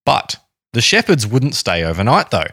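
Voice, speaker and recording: A man's voice: medium pitch, very animated, moderate pace, pushed and bright, slightly rough, no echo, clean studio sound. An Australian man co-hosting a podcast, recounting a story in a rambling, jokey way and often correcting himself. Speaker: podcast co-host. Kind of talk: casual chat, telling a story.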